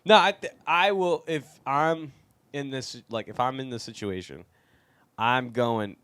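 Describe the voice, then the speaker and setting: A man hosting a podcast in casual chat, animated and laughing often. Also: mid-range voice, unhurried, no echo. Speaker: podcast host.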